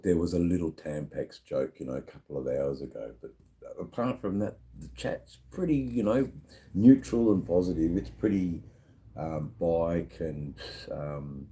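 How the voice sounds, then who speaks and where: A man's voice: low-pitched, warm tone. A drunk man hosting a casual live stream from a bar, rambling and slurring with lots of fillers. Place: sitting at a bar.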